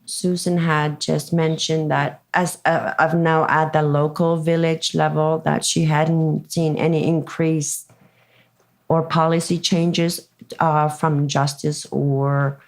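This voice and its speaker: A woman moderating a panel Q&A, speaking in a measured, explanatory way. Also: low-pitched, fairly even intonation. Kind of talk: panel Q&A discussion.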